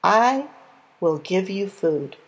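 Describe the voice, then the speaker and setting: A woman voicing the Lord as a calm, reassuring male God in a spoken Bible story. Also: mid-range voice, takes it slowly, slightly rough, heavily acted.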